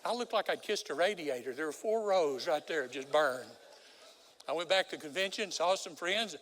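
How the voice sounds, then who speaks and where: An older man preaching a sermon as a guest preacher, telling stories dramatically and swinging from loud exclamations to hushed pleas. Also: a little high, animated, moderate pace. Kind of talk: sermon with storytelling. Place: large church sanctuary. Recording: long hall reverb.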